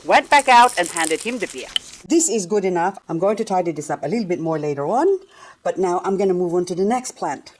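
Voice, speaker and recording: An Australian woman vlogging about her garden, telling a personal story in an animated way and chuckling often. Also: lowish voice, a little fast, a little hiss or hum, rough recording. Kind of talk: personal storytelling while potting plants.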